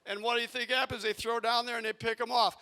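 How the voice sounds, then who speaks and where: A man who coaches youth sports, telling a coaching story to a community audience and acting out his own yelling from the sidelines. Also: extremely high pitch, quick pace, clear, resonant tone. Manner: animated, acts out yelling in his stories. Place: arena event space.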